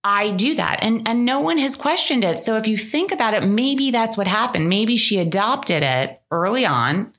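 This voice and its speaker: A middle-aged woman hosting a podcast, telling animated stories in casual chat and sometimes putting on a mock British accent. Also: a little high, moderate pace, few pauses. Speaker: podcast host.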